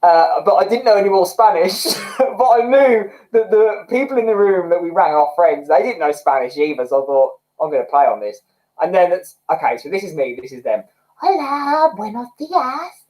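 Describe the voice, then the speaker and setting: A man hosting a casual livestream, chatting excitedly with viewers and laughing often. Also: fairly high pitch, rough recording. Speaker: livestream host. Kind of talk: casual livestream chat reading comments.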